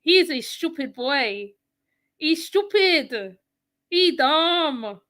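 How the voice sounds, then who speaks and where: A West Indian woman hosting her channel, delivering scolding reaction commentary. Her voice sits high and sounds bright and sharp. She talks slowly and repeats each jab for emphasis. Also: animated. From West Indies. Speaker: channel host.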